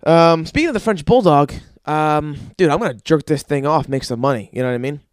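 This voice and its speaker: Young guy ranting solo on his podcast, kinda high voice, crude and rambly, dry close sound. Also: a little fast, clear, resonant tone, dry recording. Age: young adult. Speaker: podcast host.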